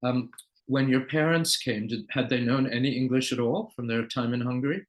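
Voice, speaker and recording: A man's voice: medium pitch, normal speed, rough recording. A man interviewing a guest, asking follow-up questions and adding short reactions. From United States. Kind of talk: conversational interview.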